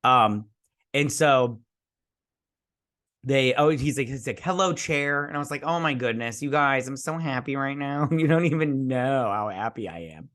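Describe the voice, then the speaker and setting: A man hosting a show, excitedly recapping an episode like a gushing fan, with lots of fillers and restarts. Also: mid-range voice, moderate pace. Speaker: host.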